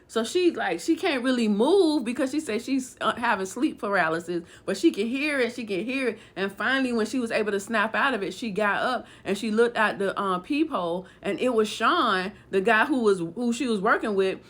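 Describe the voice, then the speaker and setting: Animated woman telling a true story. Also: fairly high pitch. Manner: animated, acts out dialogue. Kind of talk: casual storytelling.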